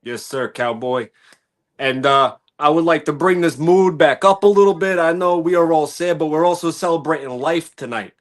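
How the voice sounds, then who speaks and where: A man's voice: fairly high pitch, moderate pace. A man guesting on a wrestling podcast, talking in a brash, cocky and playful way. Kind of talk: casual podcast chat.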